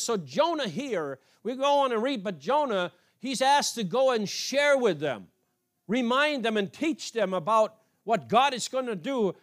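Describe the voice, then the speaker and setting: A man from an Amish background preaching, reading scripture aloud and commenting in a halting, repetitive way. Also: high voice. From Amish community. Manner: halting, repeats words while reading aloud. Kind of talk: informal sermon reading scripture.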